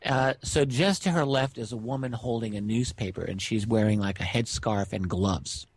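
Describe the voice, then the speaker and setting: A middle-aged man on a radio interview, telling a witness's strange story in a relaxed way with many fillers. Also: on the low side, normal speed, slightly rough, no echo. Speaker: guest researcher.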